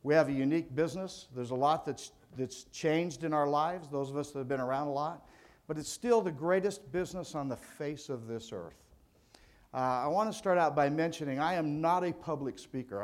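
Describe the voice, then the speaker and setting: Folksy older man giving a sales talk. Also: a little high. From California. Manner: folksy, conversational storytelling. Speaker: insurance agent speaking at a sales event. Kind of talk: motivational speech.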